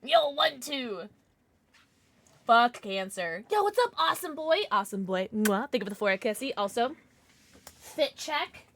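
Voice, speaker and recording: A woman live streamer chatting casually with her viewers, chatty and quick to swear. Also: a little high. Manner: chatty, lively, swears freely.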